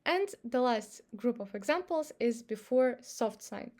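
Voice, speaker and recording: A woman's voice: on the high side, expressive, unhurried, a little mellow. A woman with a Russian accent, a native speaker of Russian, patiently explaining pronunciation rules step by step in a language lesson.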